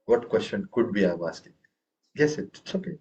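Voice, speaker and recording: A man's voice: fairly low pitch, sing-song, normal speed, a little mellow, a little hiss or hum, poor audio. Patient man teaching tabla with questions. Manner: asks students many questions, recites syllables with strong stress. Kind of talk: online group music lesson.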